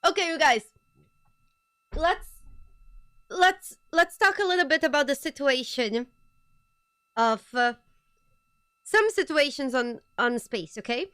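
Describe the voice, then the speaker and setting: Bubbly high-voiced woman streamer. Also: takes it slowly, long pauses, no echo, studio quality. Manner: excitable, giggly, rambling asides. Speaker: streamer hosting a watch party. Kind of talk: casual live-stream chat.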